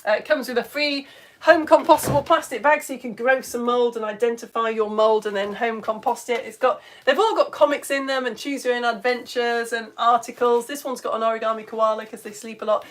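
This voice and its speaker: A woman's voice: a little high, steady tone, fairly quick. A British woman presenting a live science lesson for children, gushing and exclamatory as she reads out viewers' comments. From United Kingdom. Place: home studio.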